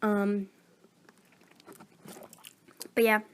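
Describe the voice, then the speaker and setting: A woman's voice: mid-range voice, completely flat delivery, extremely slow, a little hiss or hum. A fourteen-year-old girl who is sick, rambling casually into her phone about recording voice-acting videos. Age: teens. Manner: rambling, meandering, self-deprecating. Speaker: voice actor vlogger.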